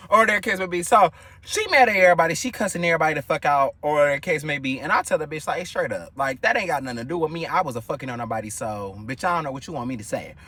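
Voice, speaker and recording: Animated, high-pitched young man telling a story. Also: fast talker, breathy edge. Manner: animated, profane, gossipy, with sudden high-pitched outbursts. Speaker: storyteller vlogger. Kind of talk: casual storytime monologue.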